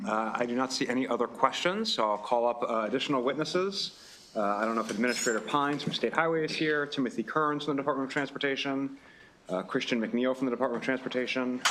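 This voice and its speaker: A man chairing a committee hearing, calling up witnesses and reassuring a nervous one in a relaxed way. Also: medium pitch, a little hiss or hum.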